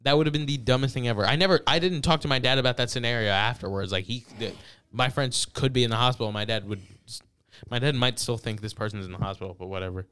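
A young man co-hosting a casual podcast, retelling a story and reading out text messages with halting restarts. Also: medium pitch, a bit bright, clear, resonant tone, dry recording. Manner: reads out texts, retells events with halting restarts. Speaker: podcast co-host. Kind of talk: casual chat.

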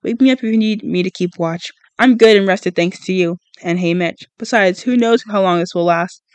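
A gentle, caring teenage boy, as read by a man from a storybook, soft and reassuring. The voice sits high. It sounds dry and close. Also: moderate pace, clean tone, no echo, close to an everyday voice.

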